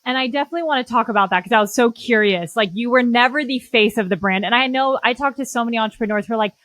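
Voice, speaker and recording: A woman's voice: a little high, quick pace, hardly any pauses, a bit bright, dry recording, low-quality recording. A woman hosting an interview podcast, talking enthusiastically in casual slang. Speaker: podcast host.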